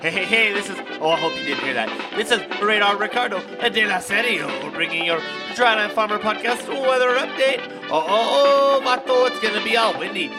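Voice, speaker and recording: Man doing a hot-headed Mexican-accented weatherman. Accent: put-on Mexican Spanish accent. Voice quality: high, excitable, full of Spanish slang. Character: brash loudmouth male weatherman, hot-tempered. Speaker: comic weather reporter. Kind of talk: comedy sketch segment. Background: loud music.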